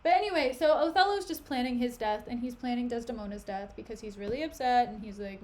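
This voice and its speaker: A woman's voice: fairly high pitch, fast talker, hardly any pauses, a little mellow, a little hiss or hum. A young woman streaming herself reading a play aloud, recapping it in a chatty, giggly way full of "like" and "you know". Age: young adult. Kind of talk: casual reading and commentary.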